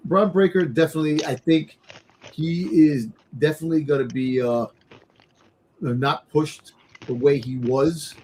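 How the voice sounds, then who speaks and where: A man co-hosting a casual wrestling podcast, excitable and rambling, often repeating words. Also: fairly high pitch, slight background noise. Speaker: podcast co-host.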